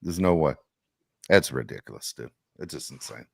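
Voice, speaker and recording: Brief: low-pitched male podcast co-host, heated profane rant, dry sound. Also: animated, moderate pace, creaky, darkish tone, husky, dry recording. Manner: heated, profane, repeats "dude".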